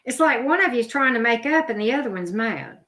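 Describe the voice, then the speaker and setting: A woman's voice: fairly high pitch, lively intonation, brisk, a bit bright. A middle-aged woman doing a live tarot reading, chatty and blunt, talking straight to her viewers. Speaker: tarot reader. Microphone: video camera.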